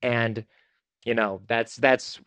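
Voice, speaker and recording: A man talking casually as a filmmaker guest in an interview, chatty and self-deprecating with quick asides. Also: mid-range voice, level tone, a bit bright, dry recording.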